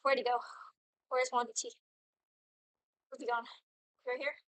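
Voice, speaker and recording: A woman's voice: fairly high pitch, little pitch movement, a little slow, fairly bright tone, dry recording, poor audio. A young woman streaming a game, chatting casually and giddily to herself and her chat as she plays. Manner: giddy, rambling, talks to herself while playing.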